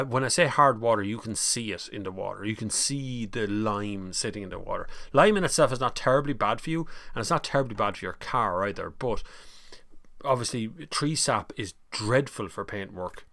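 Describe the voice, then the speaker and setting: A man's voice: fairly low pitch, pushed and bright, no room sound, clean studio sound. A middle-aged Irish man hosting a casual live stream, rambling and greeting viewers by name. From Ireland. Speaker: livestream host.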